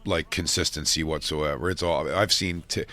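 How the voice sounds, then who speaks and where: A man's voice: extremely low pitch, fairly even intonation, normal speed, bright, forceful tone, faint music behind. A man co-hosting a casual talk show, telling rambling, profane stories and acting out drunk people he met. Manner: rambling, profane, acts out drunk fans in raised voices. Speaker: podcast co-host. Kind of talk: casual chat, storytelling.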